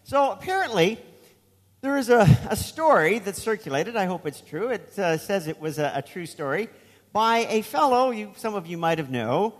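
A man's voice: high-pitched, very animated, moderate pace, long reverb tail. A man preaching a sermon as pastor, telling a story in a conversational way with asides.

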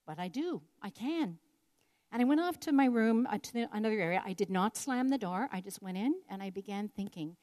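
A woman's voice: medium pitch, lively intonation, fairly quick, a little mellow. An older woman telling a personal story in an earnest, reflective devotional talk. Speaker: speaker sharing a personal story.

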